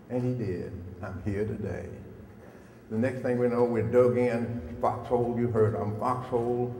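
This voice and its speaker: With a warm, medium-pitched voice and fairly even intonation, an older guest speaker addresses students at a measured pace. He tells his story folksily, quizzing the audience as he goes, over a handheld mic in a reverberant hall with slight background noise.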